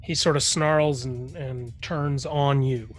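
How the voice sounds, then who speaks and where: A man's voice: medium pitch, fairly even intonation, slow, soft background music. A man running a tabletop game as game master, narrating with many fillers and restarts.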